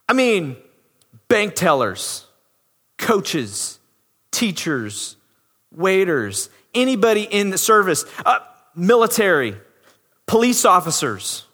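Lively bright-voiced male preacher. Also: high voice, unhurried. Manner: animated, rhetorical questions, acts out quotes. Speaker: pastor. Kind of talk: sermon. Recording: long reverb of a big hall.

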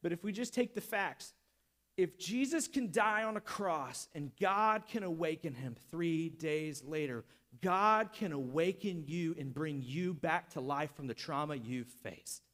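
A man delivers a sermon from the pulpit with a high-pitched voice. He speaks with passion, pressing his point and rising at times to near shouts. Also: animated, unhurried. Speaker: pastor.

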